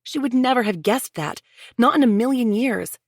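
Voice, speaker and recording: A woman narrating a mystery audiobook in a measured, even storytelling manner. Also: fairly high pitch, no echo. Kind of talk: scripted narration.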